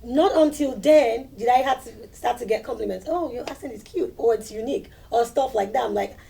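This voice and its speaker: A woman with a foreign accent speaks in a high, gravelly voice as a guest in a casual chat. She talks earnestly and laughs easily. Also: fairly quick, mellow.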